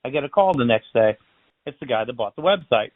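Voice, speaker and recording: A man's voice: mid-range voice, fast talker, no room sound. A man, a balloon artist and magician, telling stories in a casual interview, acting out the voices in them. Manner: chatty, animated storyteller acting out dialogue. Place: based in Florida. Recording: tinny phone-line sound.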